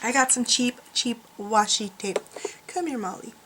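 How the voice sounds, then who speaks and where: A woman's voice: on the high side, moderate pace, a bit bright, slight background noise. A middle-aged woman vlogging in a casual, chatty, rambling way and poking fun at herself. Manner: chatty, rambling, self-deprecating. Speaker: craft vlogger. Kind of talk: casual chat.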